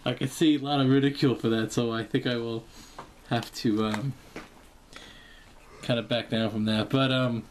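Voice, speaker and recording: A man's voice: steady tone, normal speed, pauses often, slight background noise. A man rambling casually through a product vlog, full of ums and likes, joking and breaking into short acted-out bits of imagined dialogue. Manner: jokey, acts out imagined dialogue in high squeaky voices; filler-heavy with frequent ums and likes. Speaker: vlogger reviewing a product.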